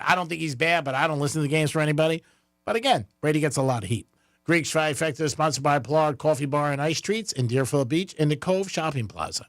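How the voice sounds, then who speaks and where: A man's voice: on the high side, a bit bright, no room sound, clean studio sound. Easygoing man hosting sports radio. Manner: easygoing, joking, quick to laugh. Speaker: radio host. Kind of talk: casual sports radio chat.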